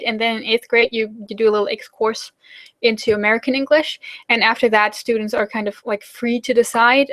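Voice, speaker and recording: A young woman with a German accent chats through viewer questions in a loose, rambling way. Her voice sits a touch high. She fills gaps with ums and likes and breaks into quick laughs. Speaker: German-teaching YouTuber hosting a live Q&A. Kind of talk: casual live chat answering viewer questions.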